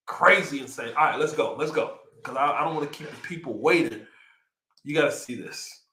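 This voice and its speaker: A young man with a Texan accent chats excitedly on a livestream, his voice bright and a little high. He reads out figures and riffs on them with hype. The sound is echoey, like a bare room. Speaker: livestream host. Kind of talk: casual livestream chat.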